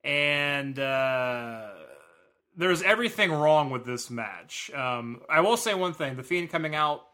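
A man co-hosting a podcast, chatting casually about a wrestling event and now and then mimicking fans in high voices. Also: expressive, takes it slowly, sharp tone. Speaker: podcast co-host. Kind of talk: casual wrestling review chat.

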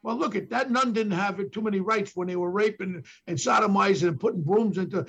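An older former police detective with a thick New York accent tells a police story as a podcast guest, his voice gravelly, husky, and fairly bright, sitting high for a man. Speaking a little fast, he animatedly plays each person in the tale, throwing emphatic bursts into the lines he quotes.

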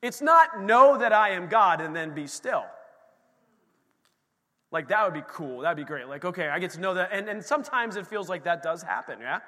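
A man's voice: sits high, expressive, moderate pace, sharp tone. A man preaching a sermon in a church, emphatic and repetitive as he builds intensity. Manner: emphatic preaching, repeating phrases with rising intensity. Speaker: pastor. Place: church sanctuary. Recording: long hall reverb.

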